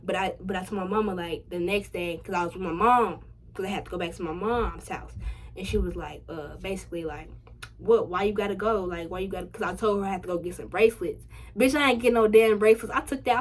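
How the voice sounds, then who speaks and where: A young adult woman telling a personal story to her viewers in a casual vlog, slangy and full of swearing, getting louder and higher when excited. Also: quick pace. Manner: chatty, slangy and profane, addressing viewers directly; animated, rising loud and high when excited. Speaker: vlogger.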